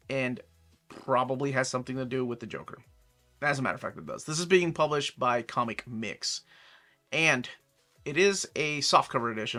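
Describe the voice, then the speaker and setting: A man's voice: mid-range voice, bright, forceful tone. A man in his forties with an American accent, casually running down upcoming comic releases with chatty asides and self-corrections. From United States. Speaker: comic book collector host. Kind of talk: casual product rundown.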